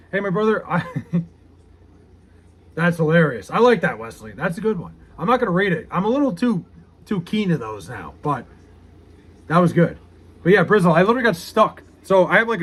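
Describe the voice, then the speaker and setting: A male streamer with a fairly high voice chats casually on his live stream, reading viewer comments aloud. He answers with loose, joking banter, cursing freely and poking fun at himself. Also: fairly bright tone, breathy edge. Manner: joking, profane, self-mocking banter with viewers. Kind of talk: casual livestream chat.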